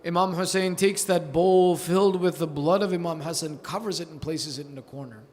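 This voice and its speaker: Man, preacher, mourning sermon, lamenting delivery, high voice. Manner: builds from low and slow to high, loud, wailing lament; quotes figures in a pleading voice without acting them out.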